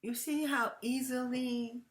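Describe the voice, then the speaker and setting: A woman's voice: sits high, fairly even intonation, slow. A middle-aged woman hosting her own commentary channel, talking to viewers in an emphatic way that repeats phrases and breaks into laughs between points.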